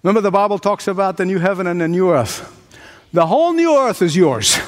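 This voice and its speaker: A man's voice: sits high, animated, fairly quick. A male pastor preaching a sermon with emphatic, repetitive rhetorical cadence. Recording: long hall reverb.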